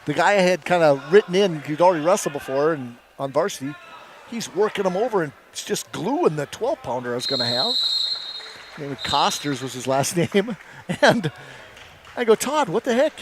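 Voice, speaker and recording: A man's voice: fairly high pitch, lively intonation, normal speed, slight background noise. A middle-aged man, a former coach, commentating a wrestling meet with rambling, chuckling anecdotes. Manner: rambling storyteller, chuckles often. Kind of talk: folksy play-by-play with anecdotes.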